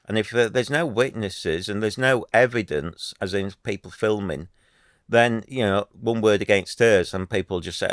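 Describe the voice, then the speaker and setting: A man's voice: lowish voice, moderate pace, no room sound, studio quality. A man, talking to camera in an earnest, rambling way, full of restarts and fillers. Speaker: YouTuber. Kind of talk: casual commentary to camera.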